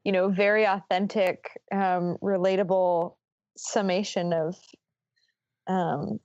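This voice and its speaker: A woman's voice: mid-range voice, little pitch movement, slow pace, darkish tone, no room sound. Hesitant woman co-host on a dull mic. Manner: hesitant, searching for words. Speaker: podcast co-host. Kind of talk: casual podcast chat.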